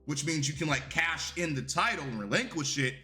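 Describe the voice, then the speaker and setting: A man's voice: fairly high pitch, expressive, brisk, bright, forceful tone. A young man giving a casual, rambling and profane review of a wrestling show.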